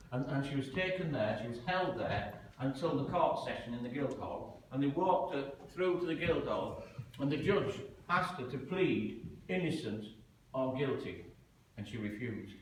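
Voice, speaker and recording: A man telling a story live, dramatic and animated, acting out the voices he quotes. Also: mid-range voice, a little hiss or hum. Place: large museum hall. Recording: echoey hall, heard from a distance.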